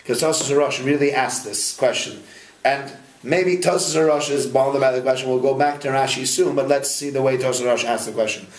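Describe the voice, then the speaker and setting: A man, a rabbi, teaching a Talmud class in a study hall, firing questions at his students in a lively way. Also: medium pitch, brisk. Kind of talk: interactive Talmud lesson.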